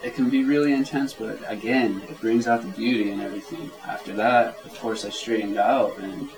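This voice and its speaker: A man speaking as an interview guest in a relaxed, rambling way, with many fillers. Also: on the low side, brisk, rough recording. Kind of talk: casual conversational interview. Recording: crowd chatter clearly audible behind.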